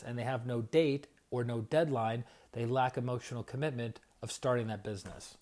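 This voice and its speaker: A man's voice: mid-range voice, brisk, hardly any pauses, darkish tone. A middle-aged man, a spiritual coach and energy healer, speaking in a live-streamed motivational talk. He talks in a conversational way and keeps checking in with his listeners by asking "right?". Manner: conversational, repeats "right?" often.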